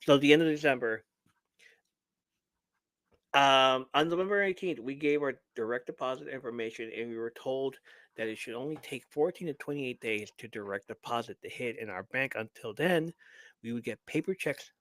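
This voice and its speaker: A man of middle pitch reads a listener's story on a live show. He breaks off to swear, laugh and talk straight to his audience. The sound is close and dry, with no room around it. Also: normal speed, dry recording. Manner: animated, profane, laughs often, talks straight to listeners. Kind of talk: reading a listener's story aloud with commentary.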